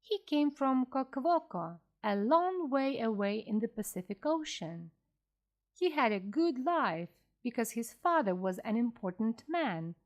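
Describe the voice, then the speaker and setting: A woman reading a classic story aloud slowly and clearly for English learners. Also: on the high side. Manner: slow, clear, expressive reading. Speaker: audiobook reader for learners.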